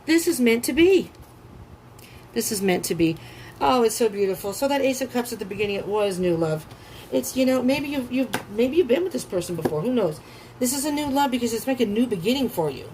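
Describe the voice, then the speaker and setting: A woman giving a tarot reading who gushes with excitement, swears freely and breaks into gasps and laughter. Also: a little high, quick pace, slight background noise, poor audio. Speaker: tarot reader.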